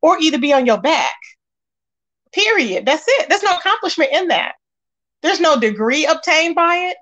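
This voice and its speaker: Sassy high-voiced woman gossip host. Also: sing-song, normal speed, a bit bright, highs cut off. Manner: sassy, emphatic, scolding asides. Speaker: YouTube commentary host. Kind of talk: casual gossip commentary reading chat.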